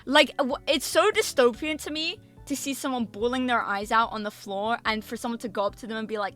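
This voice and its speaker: Woman streamer, bright and tense voice, animated storytelling, swears a lot, faint music behind. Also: a little high, a little fast. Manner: animated, swearing, emphatic repetitions. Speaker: VTuber streamer. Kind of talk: casual storytelling chat.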